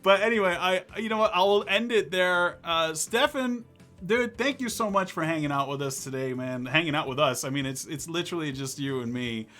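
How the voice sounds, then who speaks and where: Guy hosting his stream, high voice, super bright, rambles and jokes around a lot. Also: a little fast, faint music behind. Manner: rambling, excitable, jokey. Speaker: live stream talk show host. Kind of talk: casual live-stream chat.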